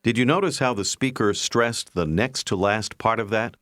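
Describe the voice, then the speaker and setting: A man narrating a recorded language course, giving clear, measured instructions and prompts to repeat. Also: lowish voice, fairly bright tone, no echo, studio quality. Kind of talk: scripted language-lesson instruction.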